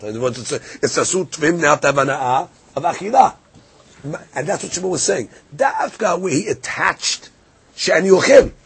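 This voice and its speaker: A man's voice: medium pitch, husky. A man teaching a daily Talmud class, reading the text aloud in Hebrew and Aramaic and then explaining it in English. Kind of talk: Daf Yomi Talmud class.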